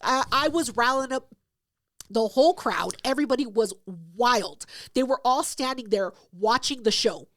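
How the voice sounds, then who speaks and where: A woman co-hosting a podcast, telling a story in a casual, loud and profane way, acting out everyone's lines. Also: on the high side, moderate pace, no room sound, studio quality. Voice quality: loud, profane, animated retelling with acted-out quotes. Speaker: podcast co-host.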